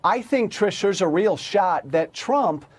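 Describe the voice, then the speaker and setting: A man's voice: sits high, lively intonation, takes it slowly, breathy edge. A man and former congressman giving opinionated, emphatic commentary on a news panel.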